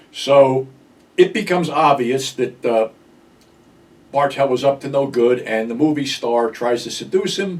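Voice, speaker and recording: An older American man hosts a show and walks through a film's plot in a casual, blunt way, cursing now and then. His voice sits at an ordinary middle pitch. He sounds a little distant from the microphone. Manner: blunt, profane storyteller. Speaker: film review host. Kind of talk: casual film recap.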